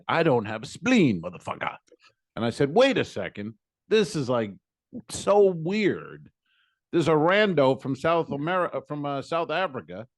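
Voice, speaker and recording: Male podcast co-host, animated rambling storyteller, dry close sound. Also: medium pitch, dry recording. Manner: rambling, animated, quotes people in voices. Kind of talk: casual storytelling.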